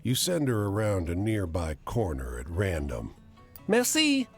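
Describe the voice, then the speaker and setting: A man's voice: low-pitched, expressive, normal speed, dark tone, husky, faint music behind. A man streamer reading game narration aloud in a put-on Southern US accent, drawling like a storyteller.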